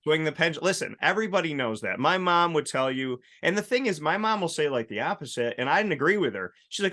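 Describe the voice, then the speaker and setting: A male talk show host with a bright, forceful voice. He chats casually and tells animated stories, acting out quoted lines as he goes. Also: on the high side, fast talker, few pauses. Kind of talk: casual chat.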